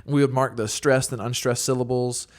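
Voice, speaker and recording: A man's voice: medium pitch, brisk. Young man rambling through a casual chat. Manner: rambling, filler-heavy, animated storytelling. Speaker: guest songwriter and worship leader. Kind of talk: casual podcast interview.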